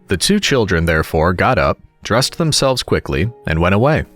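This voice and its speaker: A man narrating fairy tales in a calm, relaxing storybook reading. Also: low voice, moderate pace, hardly any pauses, faint music behind. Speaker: audiobook narrator.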